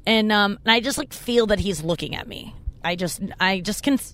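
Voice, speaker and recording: A woman's voice: moderate pace, a bit bright. A young adult woman hosting a podcast from her car, telling a rambling, self-mocking story in casual chat. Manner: rambling, self-mocking, jumps up high when quoting people. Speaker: podcast host and comedian.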